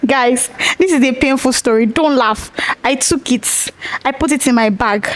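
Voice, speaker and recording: A woman's voice: sits high, slow. A young Nigerian woman hosting a podcast, animatedly retelling a story with acted-out quotes. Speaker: podcast host. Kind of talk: casual storytelling monologue.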